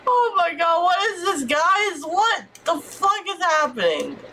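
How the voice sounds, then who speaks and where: A young woman streams a life-sim game in an excitable, swear-heavy commentary full of exclamations. Her voice is high and bright, it leaps all over the place, and she speaks at an unhurried pace. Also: a little hiss or hum. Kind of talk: live gameplay commentary.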